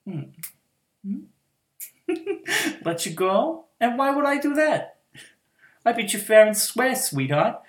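A teasing, domineering girlfriend, as a woman acts her out in an adult audio role-play. Her gravelly voice purrs and murmurs, often sinking to a whisper between low chuckles, and she speaks slowly. The room around her rings with echo. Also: exaggerated voice. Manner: teasing, purring, drops into soft whispers, frequent low laughs.

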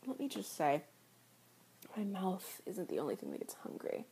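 A young woman voicing a teasing, foul-mouthed young fast-food worker in an adult audio role-play, often dropping into a breathy whisper. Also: lowish voice, huge pitch swings, mellow, full character voice. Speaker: voice actor.

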